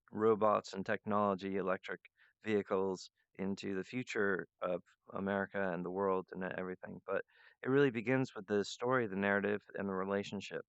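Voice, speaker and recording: A man's voice: fairly low pitch, clean tone, dry recording. A man hosting his own show, talking in a loose, meandering solo monologue that drifts from idea to idea. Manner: meandering, loose and free-associating. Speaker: show host. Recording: dull lo-fi dry recording.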